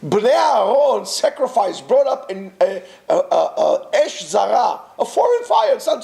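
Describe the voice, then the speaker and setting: A man teaching a Torah class to students, animated and full of rhetorical questions and restarts. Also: high voice, moderate pace, vocal fry, reverberant. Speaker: yeshiva teacher.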